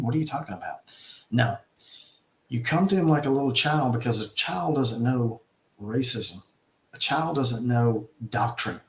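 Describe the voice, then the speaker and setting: A man in casual conversation, retelling a film as an animated storyteller who talks with emphasis and often restarts his sentences. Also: mid-range voice. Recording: echoey room sound.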